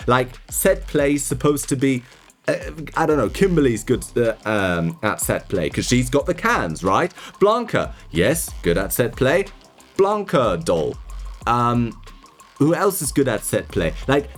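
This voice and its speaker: A young man ranting casually about a game, exasperated and sarcastic, with stammering restarts. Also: medium pitch. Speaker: gaming video creator.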